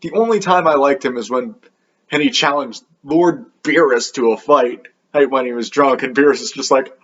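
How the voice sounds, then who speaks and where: A man's voice: medium pitch, moderate pace, fairly bright tone, dull audio. A man hosting a comedic anime review show, sarcastic and swearing freely.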